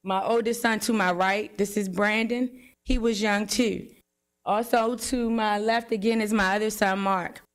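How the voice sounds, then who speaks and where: A woman's voice: medium pitch, steady tone, a little slow. Grateful woman thanking police. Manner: grateful, churchy thanks, introducing family. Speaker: victim's sister. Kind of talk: press conference statement.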